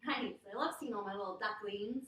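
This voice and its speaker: A woman leading a children's yoga storytime, speaking gently and encouragingly and making animal sounds. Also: medium pitch, a little fast, distant mic. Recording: echoey room.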